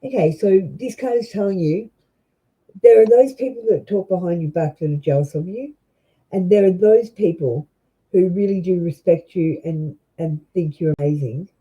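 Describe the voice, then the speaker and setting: A young Australian woman reading tarot cards on a live stream, chatty and halting, with many ums and restarts. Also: lowish voice, warm tone, slightly rough, poor audio. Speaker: tarot reader.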